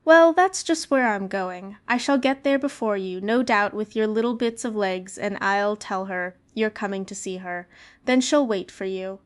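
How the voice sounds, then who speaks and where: Sly flattering wolf for a storybook reading, read by a woman; smooth and coaxing. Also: mid-range voice, normal speed, close to an everyday voice. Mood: smug.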